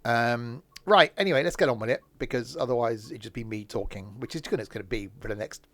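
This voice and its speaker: A hoarse man chatting casually as he streams a train game, rambling with plenty of fillers and self-corrections. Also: medium pitch, fast, a bit bright. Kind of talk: casual live-stream commentary.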